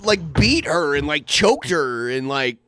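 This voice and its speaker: A man's voice: fairly high pitch, very animated, unhurried, fairly bright tone, a little hiss or hum. A man hosting a podcast, chatting casually and with amusement, using many fillers. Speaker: podcast host. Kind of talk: casual commentary chat.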